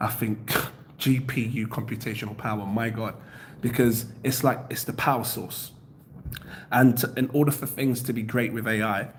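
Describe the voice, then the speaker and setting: Laughing, chatty man on a crypto livestream. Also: a little hiss or hum. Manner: laughs often, reads out chat comments; animated, jumps up in pitch when excited. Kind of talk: casual livestream chat.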